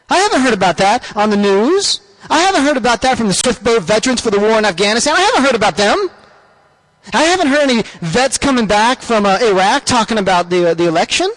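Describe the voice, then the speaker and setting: Very high-voiced ranting male show host. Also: lively intonation, quick pace, a bit bright. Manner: rambling, stammering, indignant. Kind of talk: comic ranting monologue.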